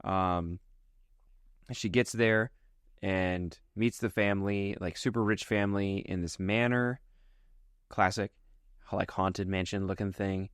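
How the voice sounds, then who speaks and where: A man co-hosting a casual movie podcast, describing a film in a relaxed, chatty way. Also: deep voice, slow pace, pauses often, clean tone, no room sound, studio quality. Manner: relaxed, chatty storytelling with many fillers. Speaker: podcast co-host. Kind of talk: casual chat.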